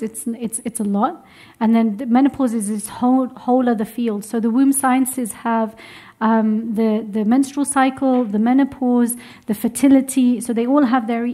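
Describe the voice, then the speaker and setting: Young woman leading a class, high and lively, encouraging, chuckles easily. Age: young adult. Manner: lively, encouraging, laughs often. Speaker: womb health teacher. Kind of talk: workshop teaching to a live group. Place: room with a seated group.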